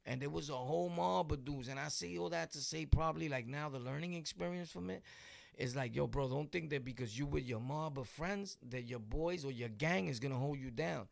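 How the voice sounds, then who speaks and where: This vlog host, a man with a Brooklyn, New York accent, tells a street story casually, loaded with slang and laughing asides. His voice is fairly high, brisk and gravelly, recorded without echo.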